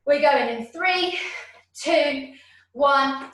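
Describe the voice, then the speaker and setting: Sounding distant in a very echoey room, a woman teaches an exercise class from home over a video call. She speaks slowly in a high, slightly bright voice, counting reps and offering encouragement, now and then out of breath. A faint hiss or hum sits under the recording.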